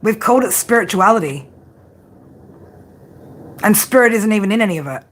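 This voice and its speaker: A woman giving a tarot reading, blunt and profane, often tagging her points with a quick "right?". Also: medium pitch, lively intonation. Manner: frank tough-love delivery. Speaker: tarot reader.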